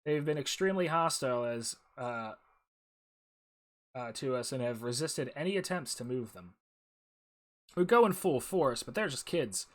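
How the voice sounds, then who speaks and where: A man's voice: medium pitch, lively intonation, moderate pace, pauses often, close to an everyday voice. A man voicing a stern, by-the-book male jungle ranger officer, reading game dialogue aloud in a formal briefing tone.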